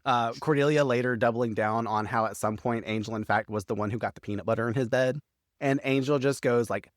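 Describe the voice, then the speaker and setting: A man's voice: medium pitch, no room sound, clean studio sound. A man co-hosting a casual recap chat, laughing often, swearing freely and reading out favorite quotes. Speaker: podcast co-host.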